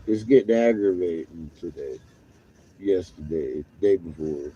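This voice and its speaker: A man's voice: low-pitched, moderate pace, mellow, highs cut off. A tired man swearing and grumbling through a casual vlog monologue while driving. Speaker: vlogger on the road. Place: inside a vehicle while driving.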